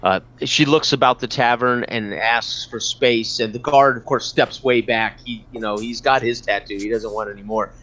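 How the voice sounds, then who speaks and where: A man running a tabletop game as game master, narrating in a halting way with many fillers and restarts. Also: mid-range voice, steady tone, fairly bright tone. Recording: dull lo-fi audio.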